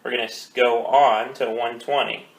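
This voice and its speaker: A man teaching a drum lesson, counting beats aloud and coaching calmly. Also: mid-range voice, moderate pace, vocal fry. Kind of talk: instructional rudiment lesson. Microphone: phone. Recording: echoey room with faint noise.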